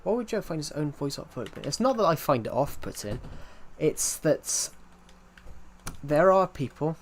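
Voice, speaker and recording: A man's voice: a little high, sing-song, normal speed, a little hiss or hum. A young man chatting casually on a gaming livestream, rambling and correcting himself while answering chat.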